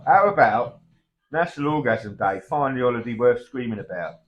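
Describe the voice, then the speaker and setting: A man's voice: medium pitch, lively intonation, moderate pace, muffled recording. A middle-aged man, trading cheeky, blokey comic banter and calling his partner mate. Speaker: comedy double act co-host.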